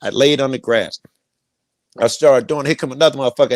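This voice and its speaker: A man's voice: medium pitch, fast talker, no echo. A middle-aged man telling a rambling personal story, profane and repeating himself. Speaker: guest storyteller.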